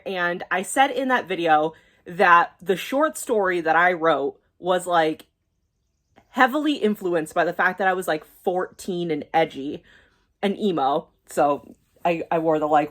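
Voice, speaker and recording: A young woman talking casually to her camera at home, emotional and quick, swearing and filling with "like". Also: lowish voice. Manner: emotional, fast, swearing, many fillers. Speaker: YouTuber. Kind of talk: casual vlog chat.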